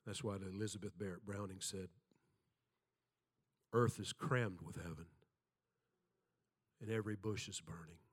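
A man's voice: deep voice, steady tone, measured pace, pauses often, slightly rough. Older man preaching in folksy stories. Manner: folksy storytelling, self-deprecating humor, acts out quotes. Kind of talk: sermon.

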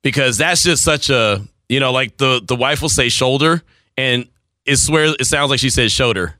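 A man's voice: medium pitch, moderate pace, bright, forceful tone, dry recording, studio quality. A man in his forties hosting a sports radio show, talking in teasing banter and laughing often. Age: 40s. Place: radio studio.

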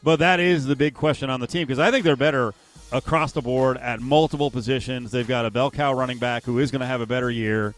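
A man co-hosting sports talk radio, his voice sitting at an ordinary pitch. He talks in a loose, conversational way with quick asides, and a faint music bed plays under him.

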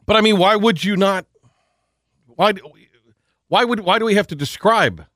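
A man's voice: high voice, no room sound, studio quality. A man hosting a sports talk radio show, chatting and joking casually with his co-host, often restarting his sentences. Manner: animated, quick to joke, restarts sentences.

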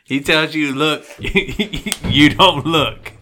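A man chatting casually on a podcast, laid-back and quick to laugh. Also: a little high, background noise. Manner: laid-back, laughs easily, short reactions. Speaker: podcast co-host. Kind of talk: casual chat.

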